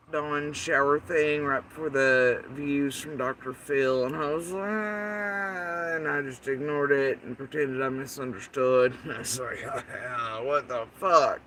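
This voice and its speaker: Slight background noise accompanies this angry livestream rant, where the host, a man with a fairly bright, medium-pitched voice, swears and sarcastically imitates his critics. He is positioned somewhat away from the microphone.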